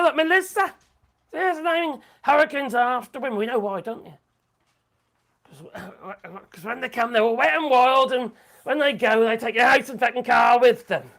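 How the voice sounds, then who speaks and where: A man's voice: very high voice, creaky, a bit bright. A man with a Norfolk accent hosting a casual live stream, reading out viewer comments in a chatty, crude and mocking way, often muttering asides. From England.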